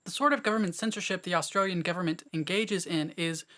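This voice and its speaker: A man's voice: high voice, fast, bright, forceful tone. Wry man delivering a scripted commentary. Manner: wry, sarcastic asides. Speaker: video essayist.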